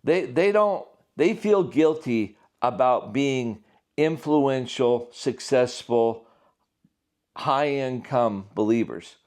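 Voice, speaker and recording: An earnest man talks through his views in a loose, unscripted monologue. His voice sits at an ordinary mid pitch, and he leans hard on key points with steady conviction. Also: slow pace. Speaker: author and prophecy commentator. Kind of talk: casual spoken monologue.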